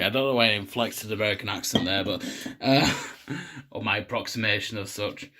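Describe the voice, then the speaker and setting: A man's voice: lowish voice, fairly quick, sharp tone. A young man rambling and swearing casually while hosting a home cocktail video. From England. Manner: swears a lot, rambling and self-mocking.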